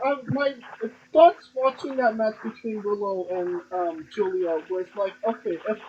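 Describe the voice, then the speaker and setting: A man's voice: sits high, steady tone, a little slow. A man co-hosting a podcast, reading through wrestling news in a rambling way, full of ums. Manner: rambling, filler-heavy delivery with frequent ums. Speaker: podcast co-host. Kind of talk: casual wrestling news chat. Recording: dull lo-fi audio with clear noise.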